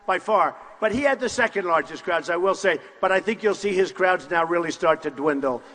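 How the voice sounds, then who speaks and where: An older man giving a boastful, repetitive campaign rally speech in short punchy phrases, often shouting to the crowd. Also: high voice, a little fast. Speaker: political candidate at a rally. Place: large university hall with crowd. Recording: long hall reverb from a live rally.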